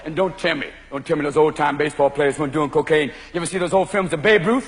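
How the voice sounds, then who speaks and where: A man doing a fast-switching stand-up comedy routine on a club stage, often shouting his bits. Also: a little high, a loud crowd. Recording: live club recording with loud audience and noise. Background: audience laughter.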